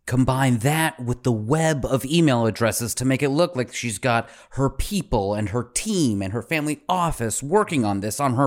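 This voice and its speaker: A male podcast host who tells stories with dramatic flair. His pitch rises and falls widely as he acts out the characters, and he swears freely along the way. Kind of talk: dramatic storytelling.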